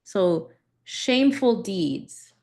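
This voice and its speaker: A woman's voice: mid-range voice, animated, very slow, a little mellow. A woman teaching a Greek grammar class, explaining step by step with frequent "right?" checks and restarts. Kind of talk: live class lesson.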